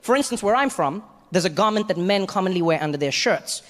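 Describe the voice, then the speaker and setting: A man with a South African accent telling stand-up stories in an animated way, with his voice climbing high when he gets excited. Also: fast talker. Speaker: stand-up comedian. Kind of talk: stand-up storytelling. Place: comedy stage.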